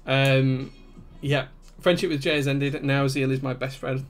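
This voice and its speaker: A man's voice: mid-range voice, level tone, unhurried, faint music behind. A man, hosting a live stream where he walks through a build step by step and answers chat. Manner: methodical step-by-step explaining, reading chat aloud.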